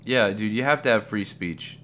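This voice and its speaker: A man's voice: fairly low pitch, normal speed, fairly bright tone, slight background noise. A man hosting a live Q&A stream, talking casually in a rambling, profane way with many restarts and fillers. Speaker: livestream host.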